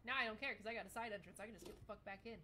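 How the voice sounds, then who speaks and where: A woman's voice: mid-range voice, rapid-fire, very noisy. A young woman casually commenting on a game as she plays it, reading chat aloud and swearing often. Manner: chatty, swears a lot, reads chat aloud. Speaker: streamer. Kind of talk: live gameplay commentary.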